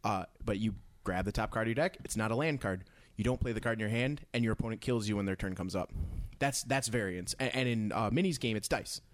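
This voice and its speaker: A man with a fairly low voice talks at a quick pace with few pauses, explaining game design to a co-host in a casual chat about tabletop games. He works through his thoughts with frequent restarts.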